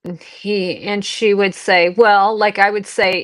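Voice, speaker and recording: A woman's voice: mid-range voice, slow pace. A middle-aged woman hosting a live selling stream, chatting casually with viewers and rambling through personal anecdotes. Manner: rambling anecdotes, restarts and fillers, talks to viewers. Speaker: live-stream seller host.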